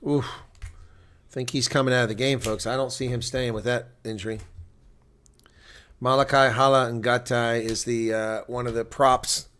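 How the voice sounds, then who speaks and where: Man, tired, live rugby play-by-play, chatty stream host, mid-pitched voice. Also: a bit bright. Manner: chatty, talks to viewers between calls. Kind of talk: live play-by-play reaction commentary.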